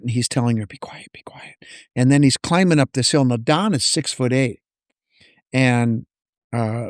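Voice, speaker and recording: A man's voice: medium pitch, clear, resonant tone, dry recording, clean studio sound. A man, a podcast guest, telling a long story in casual chat and acting out the dialogue as he goes. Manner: animated storyteller, acts out dialogue.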